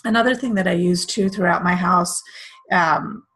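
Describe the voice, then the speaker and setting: Middle-aged woman, lower register, earnest rambling self-help host. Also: completely flat delivery, unhurried, fairly bright tone, slightly rough, rough recording. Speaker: self-care course host. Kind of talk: casual spiritual self-help talk.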